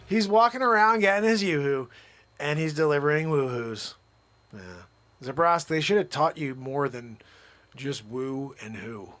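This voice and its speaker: A man's voice: a little high, lively intonation, moderate pace, fairly bright tone. A man hosting an improvised live comedy stream, rambling and mock-scolding someone off-camera. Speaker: livestream host.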